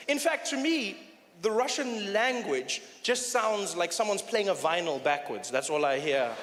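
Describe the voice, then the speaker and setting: A man doing stand-up comedy on a theater stage, telling animated stories and often saying "you know". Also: sits high, noisy background. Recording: roomy hall with faint ambience.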